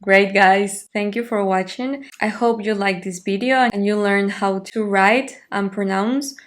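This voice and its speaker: A woman's voice: mid-range voice, fairly even intonation, unhurried. A woman teaching a Spanish lesson online, patiently repeating phrases for a learner and praising each answer.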